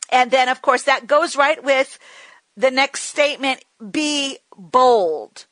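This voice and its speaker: A middle-aged woman delivers a sermon in a high, bright voice, speaking slowly and deliberately. She is firm and repetitive and has listeners echo declarations after her. The sound is dry and close, with no room around it. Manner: firm, repetitive, leads call-and-response declarations. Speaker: Bible teacher. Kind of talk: sermon teaching.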